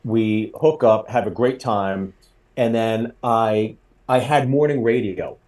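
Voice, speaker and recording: A comedian in his forties telling a story in casual chat, getting loud and high when he acts out quotes. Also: slow pace. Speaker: comedian guest.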